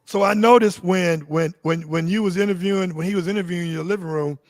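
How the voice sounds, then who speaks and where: A man's voice: high-pitched, quick pace, dry recording. A man hosting a casual chat about dogs, talking loosely with swearing and stumbling, repeated words. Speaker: host.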